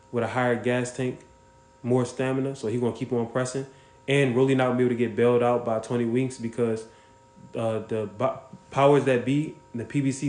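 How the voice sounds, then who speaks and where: A man hosts a casual livestream, speaking bluntly and swearing freely as he reacts to viewers and calls them out by name. His voice sits at an ordinary pitch for a man, and the sound carries a roomy echo. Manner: blunt, profane, shouts out viewers. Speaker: livestream host.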